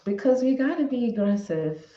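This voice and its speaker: A woman's voice: fairly high pitch, lively intonation, normal speed, dark tone, roomy sound, highs cut off. A woman from New York, a podcast guest, chatting casually and agreeably with plenty of laughter. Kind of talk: casual chat.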